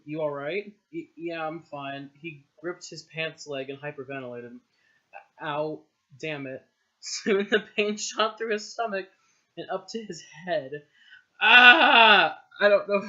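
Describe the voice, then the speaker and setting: A man's voice: a little high, a bit bright. A man casually reading aloud his own old story, giggling, mocking himself and swearing in asides. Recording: dull lo-fi home recording.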